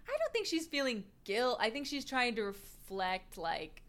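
A woman co-hosting a casual chat, recapping and discussing an episode in a chatty way. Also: on the high side. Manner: animated, chatty, quick to laugh. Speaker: podcast co-host.

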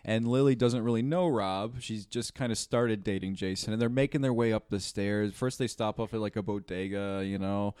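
A man's voice: on the low side, normal speed, hardly any pauses, a little mellow, smooth, no room sound, studio quality. A man in his thirties hosting a movie podcast, recapping scenes in a rambling, profane, casual way. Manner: rambling, profane, laughs often. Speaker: podcast host. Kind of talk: casual chat.

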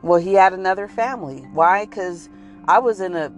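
A woman's voice: fairly low pitch, moderate pace, soft background music. A woman telling a comic monologue in a casual, preachy way and calling herself a pet whisperer. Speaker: comedic storyteller, self-styled pet whisperer. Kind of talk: comedic monologue.

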